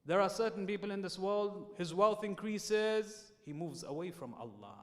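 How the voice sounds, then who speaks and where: A man preaching a sermon in a mosque, telling a story with sharp rises and drops. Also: high-pitched, lively intonation, normal speed. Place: mosque hall. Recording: long reverb in a mosque hall.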